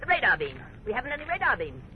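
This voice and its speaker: An actor playing an absent-minded, excitable old male professor who talks in fussy, pompous pseudo-scientific terms, in old-time radio drama style. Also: very high-pitched, very fast, some chatter behind, a little hiss or hum, exaggerated voice. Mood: flustered. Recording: dull lo-fi old radio recording.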